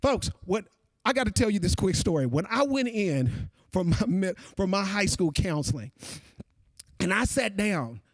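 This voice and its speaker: A man's voice: high-pitched, normal speed, dry recording. A man delivering a conference keynote speech, talking straight to the audience and calling them folks. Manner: animated, addresses audience directly as folks. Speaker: keynote speaker.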